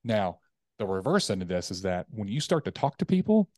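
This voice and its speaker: A man, a coach, talking as a podcast guest in a casual interview, telling animated stories and acting out the voices in his head. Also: fairly low pitch, brisk, no room sound, clean studio sound. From United States. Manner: animated storytelling, acts out inner voices.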